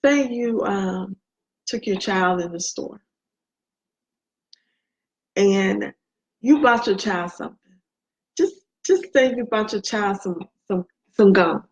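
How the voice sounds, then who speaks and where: A woman's voice: mid-range voice, takes it slowly, pauses often. A woman giving an inspirational faith talk, speaking emphatically and repeating key phrases for effect. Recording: dull lo-fi recording.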